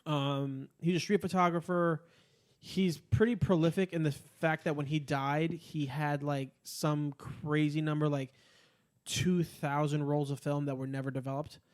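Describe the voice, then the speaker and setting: Man, podcast co-host, swears a lot, rambling chat, slightly higher voice. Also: unhurried. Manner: profane, rambling, animated ranting. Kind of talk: casual chat.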